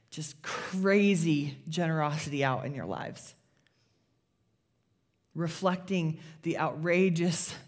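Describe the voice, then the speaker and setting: A woman pastor, preaching a sermon in a conversational, animated storytelling way. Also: deep voice.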